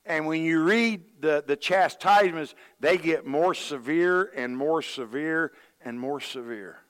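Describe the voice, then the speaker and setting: A man preaches a sermon in a folksy, storytelling way, slipping into the voices of the people he quotes. His voice sits a little high for a man. The sound rings with the long reverb of a large hall. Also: unhurried, a bit bright. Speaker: pastor.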